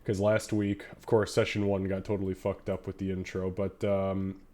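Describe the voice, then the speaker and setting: A man with a lowish, nasal voice, stuffed up from a cold, hosts a live tabletop game. He rambles casually with fillers and the odd swear, then reads a session recap. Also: monotone, normal speed, dark tone. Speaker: game master. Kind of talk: casual live-stream chat.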